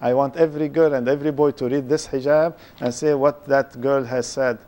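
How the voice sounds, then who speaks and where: A man's voice: mid-range voice, fairly even intonation, brisk, warm tone. An older man with a foreign accent giving an interactive religious lecture, quizzing his young audience and tagging points with "huh?". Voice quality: speaks English with a foreign accent. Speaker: Islamic lecturer.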